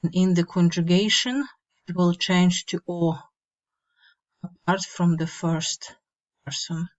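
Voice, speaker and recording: A woman teaching a slow, step-by-step grammar lesson, repeating each word and giving its meaning. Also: lowish voice, fairly even intonation. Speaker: language teacher. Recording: dull lo-fi mic.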